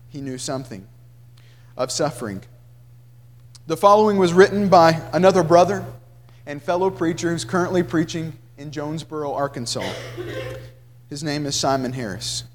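A man preaching a sermon, reading a grieving father's account aloud with earnest, slow emotion that drops soft at the grave moments. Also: a little high, big-room sound, slight background noise.

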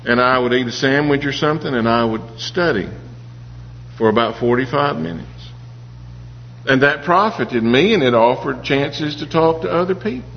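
Gravelly and mid-range, this man's voice moves at a moderate pace through an earnest, personal sermon full of his own life stories, now and then restarting. A faint hum and dull sound fill the reverberant hall it was recorded in.

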